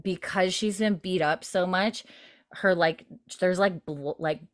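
A woman's voice: lowish voice, unhurried. A woman casually recapping a TV episode with a co-host, rambling with lots of fillers and quoting the characters' lines. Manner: rambling, filler-heavy retelling with quoted lines. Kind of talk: casual chat.

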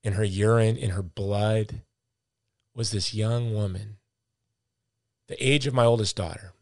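A man's voice: fairly low pitch, steady tone, a little slow, vocal fry, dry recording, studio quality. A middle-aged man hosting a podcast, ranting with emphatic, repeated words as he comments with passion. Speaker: podcast host.

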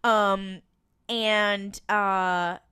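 A woman's voice: mid-range voice, fairly even intonation, very slow, sharp tone, clear, resonant tone. A woman co-hosting a podcast, chatting casually as she retells scenes with quoted lines and the odd swear. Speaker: podcast co-host. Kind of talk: casual recap chat.

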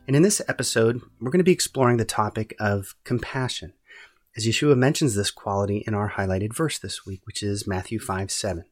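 A man hosting a podcast, giving measured, earnest, scripted Bible-study narration. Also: on the low side. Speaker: podcast host.

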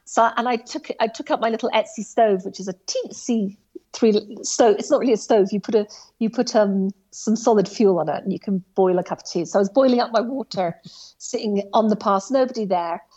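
A woman telling a story about her hike in a casual, animated way, full of asides and restarts. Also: mid-range voice, a little fast, breathy edge, dull audio. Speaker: guest recounting a hike.

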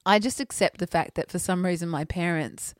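A woman's voice: on the low side, brisk, dry recording, studio quality. A woman, chatting casually and telling funny stories, laughing often and acting out the people she quotes. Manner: animated storyteller, laughs often, acts out quoted voices. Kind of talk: casual chat and storytelling.

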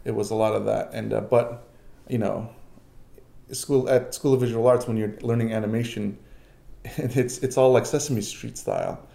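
A man in his forties from New York, telling personal stories in a relaxed chat with many fillers. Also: on the low side, moderate pace, gravelly, echoey room. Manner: reflective storytelling, many fillers. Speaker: guest. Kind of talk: casual chat.

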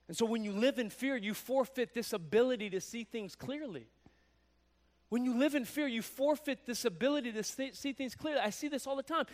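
Animated high-voiced male preacher. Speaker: pastor. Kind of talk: sermon.

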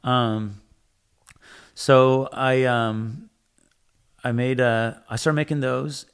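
A man's voice: medium pitch, fairly even intonation, takes it slowly, clean tone. A man talking casually in an interview, rambling with many fillers and some swearing, acting out what he and others said. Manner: rambling, frequent fillers and profanity, acts out his own quotes. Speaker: tattoo machine builder, guest.

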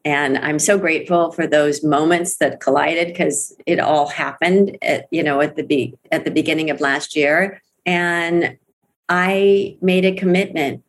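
In a candid interview, a middle-aged woman describes her network marketing career with a low, steady voice that moves a little slowly. She speaks earnestly and emphatically, repeating phrases for emphasis.

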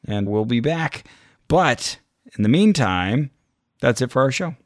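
A man co-hosting a podcast in casual chat, wry and measured. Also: medium pitch, animated, no echo, clean studio sound. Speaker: podcast co-host.

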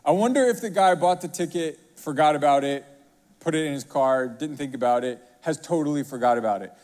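Animated pastor in a reverberant hall. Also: male voice, fairly high pitch, fairly quick. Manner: animated storytelling, rhetorical questions. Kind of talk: sermon.

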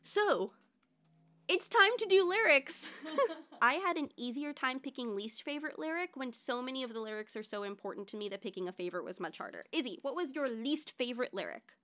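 A woman's voice: sits high, animated, brisk, a bit bright. A woman hosting a podcast, chatting enthusiastically about a musical with a guest. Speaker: podcast host. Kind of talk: casual chat about musicals.

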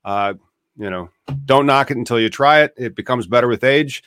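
A man's voice: medium pitch, moderate pace, fairly bright tone, clear, resonant tone, no echo. A man hosting a show, chatting casually and rambling in a self-deprecating way between clips. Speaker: podcast host. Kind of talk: casual commentary over clips.

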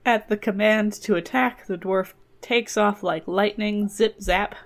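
A woman's voice: medium pitch, unhurried, gravelly. Playful woman retelling a fairy tale. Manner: playful, digressive, laughs often. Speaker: podcast host telling a fairy tale. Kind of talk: casual comedic storytelling.

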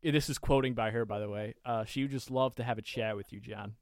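A man co-hosting a podcast, telling an animated story in casual chat with many quoted asides. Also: medium pitch, a little fast. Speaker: podcast co-host.

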